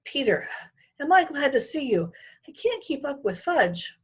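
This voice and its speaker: A woman's voice: high-pitched, sing-song, a little slow, pitched above the performer's own voice. A woman voicing a harried young mother, anxious and coaxing.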